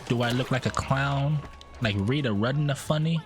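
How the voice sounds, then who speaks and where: A man's voice: normal speed, background noise. A man streaming a game, giving playful, casual commentary that is full of swearing. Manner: playful, swears often, swings his pitch.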